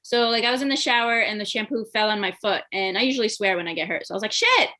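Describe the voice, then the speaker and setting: A woman's voice: mid-range voice, very fast, pushed and bright. A young woman performing a stand-up comedy set, hesitant and full of ums, often laughing between her jokes. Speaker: stand-up comic. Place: comedy show stream.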